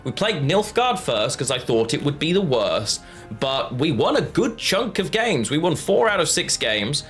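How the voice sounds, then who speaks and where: A man's voice: on the high side, sing-song, unhurried, a bit bright, soft background music. A man chatting casually on a live stream while playing a card game, rambling and answering his chat.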